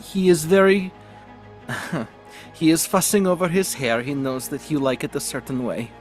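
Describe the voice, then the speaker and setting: A man's voice: fairly high pitch, a little slow, soft background music, pitched above the performer's own voice, natural voice. A man doing a timid, apologetic servant girl. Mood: nervous. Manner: stammering, apologetic, hesitant.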